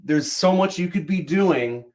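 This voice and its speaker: A man hosting a livestream, chatting casually, rambling through animated opinions full of fillers and restarts. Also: high voice, a little slow. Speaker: livestream host. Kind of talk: casual chat.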